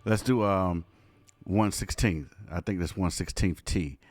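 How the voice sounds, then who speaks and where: A man's voice: low-pitched, unhurried, dry recording. A man music producer, casually talking viewers through a live studio session. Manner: casual, talks through his work with viewers.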